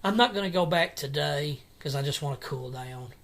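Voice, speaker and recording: A man's voice: on the high side, a bit bright. Agitated man ranting at home. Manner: agitated, repetitive, halting restarts. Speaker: vlogger. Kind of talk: angry personal vlog rant. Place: home at night.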